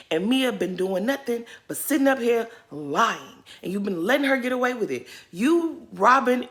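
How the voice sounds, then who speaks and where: A woman giving casual, shady commentary on a reality show, ranting with sass. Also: medium pitch. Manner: sassy, shady, animated ranting.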